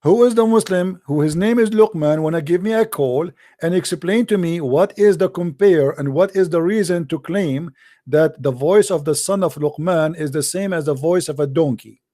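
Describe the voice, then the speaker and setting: Guy hosting a call-in debate stream, mocking and taunting, kinda highish, warm tone. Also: normal speed. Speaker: call-in show host. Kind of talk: live call-in religious debate.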